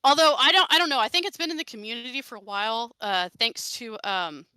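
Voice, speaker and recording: A woman's voice: a little high, quick pace, sharp tone, smooth, no echo. A woman commentating a charity game stream in a giggly, chatty way, on a headset mic.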